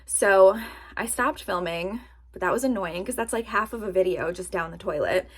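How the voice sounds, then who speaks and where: A woman chatting casually to her camera in a vlog, animated and self-mocking, laughing at her own jokes. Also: medium pitch, normal speed, slightly rough. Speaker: vlogger. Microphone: camera-mounted or nearby mic, sitting to film.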